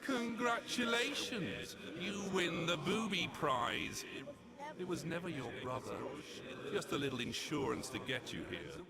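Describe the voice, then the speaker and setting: An actor playing a sinister, ancient demon villain in a game, gloating and sneering. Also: male voice, sits high. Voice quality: gravelly, creaky. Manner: slow, theatrical, sneering.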